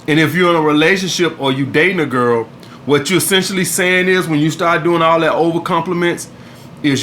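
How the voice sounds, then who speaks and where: Blunt, profane man with a bright voice. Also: high-pitched, animated, a little fast, a little hiss or hum. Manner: blunt and profane, keeps addressing "guys". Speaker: dating advice channel host. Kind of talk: casual vlog monologue.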